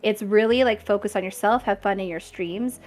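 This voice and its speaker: A woman chatting casually as a guest on a creator talk stream, upbeat and quick to laugh while giving encouraging advice. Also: mid-range voice, darkish tone. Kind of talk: casual chat.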